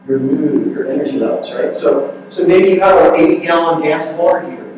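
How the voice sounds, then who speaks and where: A man's voice: mid-range voice, a little mellow. Man talking in an echoey hall. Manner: conversational, repeats words, asks "right?" often. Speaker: workshop speaker, counselor. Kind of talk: relationship workshop talk. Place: large room at a church youth ministry event. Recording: echoey hall from far off, faint noise.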